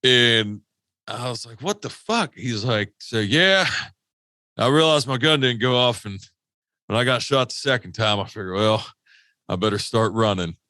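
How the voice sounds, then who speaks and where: A West Virginia man co-hosting a podcast tells a casual, rambling story full of profanity and restarts. In the studio, his fairly low voice comes across bright and forceful at a moderate pace, and the recording is dry.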